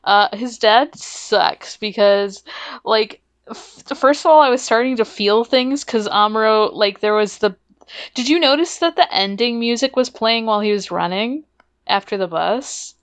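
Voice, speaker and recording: A woman's voice: on the high side, measured pace. A woman co-hosting a casual podcast, recapping an anime episode in a laid-back way with fillers, laughs and swearing. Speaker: podcast co-host.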